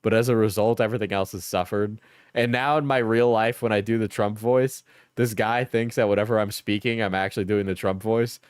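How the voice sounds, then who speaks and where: A man with a New York accent talking casually on a live stream, joking and rambling. His voice comes through smooth and dry on a close mic, though a little hoarse. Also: lowish voice, fairly even intonation, a little fast, dry recording. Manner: joking, rambling, laughs often.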